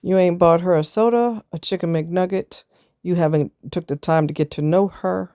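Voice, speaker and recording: A woman's voice: lowish voice, normal speed, mellow, clear, resonant tone, no echo, clean studio sound. A woman vlogger giving blunt, preachy casual commentary, firing off rhetorical questions and answering them herself.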